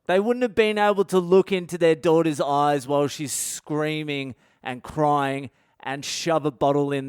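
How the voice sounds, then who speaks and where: A man's voice: on the high side, a little mellow, smooth, no room sound, clean studio sound. A middle-aged man, hosting a podcast and telling a comedic story in a rambling, candid way with heavy swearing. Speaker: podcast host.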